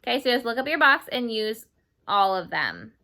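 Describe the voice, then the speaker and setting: A woman with a bright, forceful, slightly high voice teaches English grammar to Spanish-speaking kids in a sing-song way. She goes slowly, repeats every word for the students, and adds Spanish glosses.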